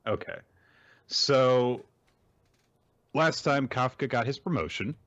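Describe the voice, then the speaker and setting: A man with a medium-pitched voice co-hosts a podcast, speaking slowly in an animated, rambling way through a manga recap full of fillers. The audio sounds dull.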